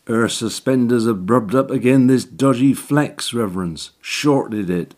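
A man's voice: medium pitch, measured pace, a little mellow, voice pushed up, lightly acted. A man putting on a wheezy, crafty old handyman. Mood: sly. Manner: broad working-class slang, cheeky.

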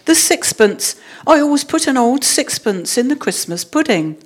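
A woman voicing a brisk middle-aged housekeeper who exclaims in a storybook reading. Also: high-pitched, sing-song, voice pushed up. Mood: flustered.

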